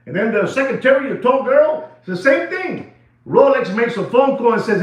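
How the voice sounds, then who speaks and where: With a very high-pitched voice at a moderate pace, a watch dealer delivers an excited, improvised monologue for his video. He shouts, laughs, repeats himself and mixes in Spanish, the audio echoey and dull.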